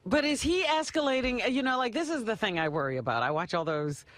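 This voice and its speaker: A woman's voice: a little high, animated, a little fast, fairly bright tone, no room sound. A woman co-hosting a radio talk show, wry, asking probing questions and laughing easily. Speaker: radio co-host.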